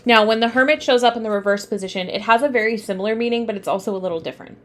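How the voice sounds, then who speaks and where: A woman's voice: fairly high pitch, very fast, fairly bright tone. Chatty, easily sidetracked young woman. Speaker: tarot teacher streaming live. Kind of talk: casual live-stream lesson.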